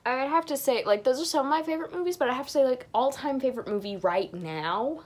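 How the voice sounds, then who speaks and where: A woman's voice: high voice, lively intonation, quick pace. A young woman answering viewer questions in a casual chat, rambling and gushing, with frequent restarts. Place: home bedroom.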